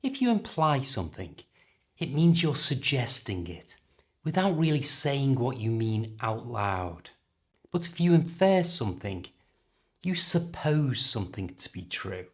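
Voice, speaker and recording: A middle-aged man with a British accent teaching an English lesson, carefully and clearly modelling how words are pronounced. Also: medium pitch, sing-song, a little slow. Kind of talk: language lesson.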